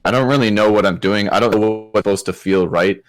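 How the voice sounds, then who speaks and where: A man from Canada with a low, deep voice co-hosts a casual podcast. He tells a story in a laid-back way and drops swear words freely. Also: a little fast. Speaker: podcast co-host.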